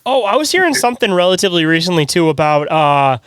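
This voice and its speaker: A man hosting a podcast, chatting quickly and casually with lots of fillers. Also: sits high, very animated, a bit bright, clear, resonant tone. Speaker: podcast host.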